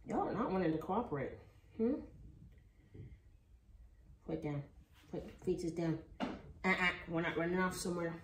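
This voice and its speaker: A woman's voice: on the low side, lively intonation, normal speed, pauses often. A woman, a dog breeder chatting casually and using sweet baby talk. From Texas. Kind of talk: casual vlog narration. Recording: echoey room with faint noise.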